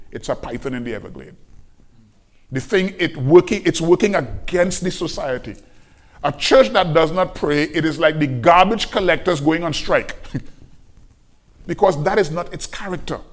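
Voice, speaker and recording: A man preaching a sermon as pastor, emphatic and repetitive, slowing down to quote scripture. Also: fairly high pitch. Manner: emphatic preaching, repeats key phrases, slows on scripture quotes.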